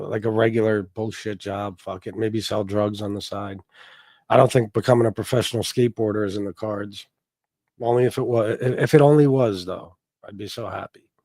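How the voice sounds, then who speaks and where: A man's voice: on the low side, mellow, no echo, clean studio sound. A man hosting a casual livestream, rambling and swearing in a mock-heartbroken way while greeting chat members. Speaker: livestream host. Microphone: desk microphone.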